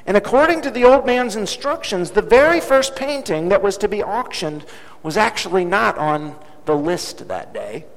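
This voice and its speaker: Male preacher, high and animated, storytelling sermon, reverberant hall recording. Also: normal speed. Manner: dramatic, emphatic repetition.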